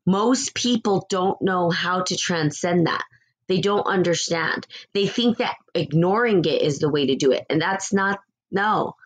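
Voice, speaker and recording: A woman hosts a spiritual podcast in a fairly low, unhurried voice. She talks bluntly and candidly in a casual style, swears freely, and laughs now and then.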